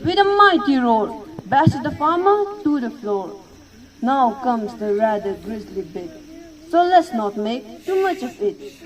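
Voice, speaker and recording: A woman reciting a narrative poem in a measured, emphatic storytelling manner. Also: a little high. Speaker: elocution contestant. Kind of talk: poetry recitation. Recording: voice distant from the mic.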